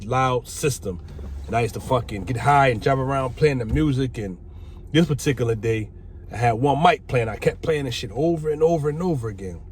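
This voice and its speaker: A middle-aged man casually telling a personal story, animated and profane. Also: mid-range voice. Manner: animated, profane, acts out quoted voices. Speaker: vlogger telling his life story. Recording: faint background noise.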